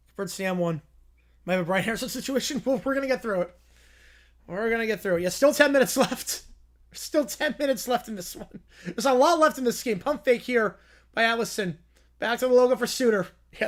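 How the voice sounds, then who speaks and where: A man with a worn, strained voice that keeps cracking, calling a basketball game live on a stream. He races through the action in a raised, excited rush. Between plays he answers viewers in quieter, lower asides. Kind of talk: live play-by-play reaction commentary.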